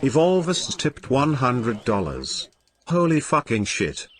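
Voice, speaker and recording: A man's voice announcing tips in slow, booming declarations. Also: sing-song. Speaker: donation alert voice. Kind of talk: tip announcement.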